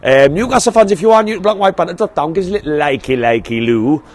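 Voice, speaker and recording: A man, vlogging in an excited, chatty way as he heads to a football match through city streets. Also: a little high, fast talker. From England. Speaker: vlog host. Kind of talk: matchday vlog.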